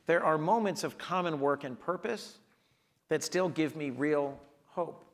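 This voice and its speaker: A man's voice: fairly high pitch, measured pace. A man in his sixties, a senator speaking as the guest in an onstage conversation, telling earnest stories with emphatic delivery.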